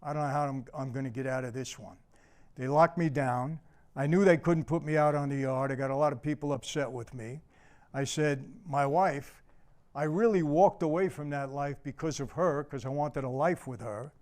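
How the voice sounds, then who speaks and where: A man's voice: mid-range voice, normal speed, darkish tone. Earnest older man telling his story. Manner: earnest storyteller, addresses the audience as people. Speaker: motivational speaker. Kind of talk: personal testimony talk.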